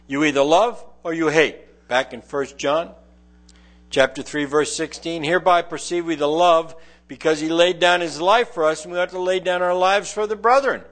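A middle-aged man delivers a Bible teaching in a conversational manner. His voice sits somewhat high for a man. He reads verses aloud and then explains them plainly. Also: normal speed, a bit bright. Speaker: preacher.

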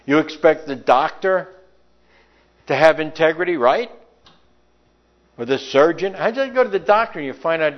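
A man's voice: on the high side, moderate pace, pauses often. Guy preaching a sermon, voice jumps up and down a lot, kinda muffled lo-fi recording. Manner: lively, emphatic, asks the listeners questions.

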